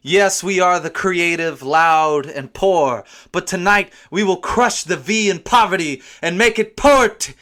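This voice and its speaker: A man delivers a spoken word poem with a bright, sharp edge to his voice. He is declamatory, dropping into low asides and then surging into loud bursts. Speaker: slam poet. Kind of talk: spoken word poetry performance.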